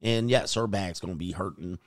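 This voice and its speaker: A man's voice: sits low, moderate pace, no room sound, studio quality. A man hosting a casual reaction commentary, blunt and crude, riffing off clips he plays. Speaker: commentary channel host.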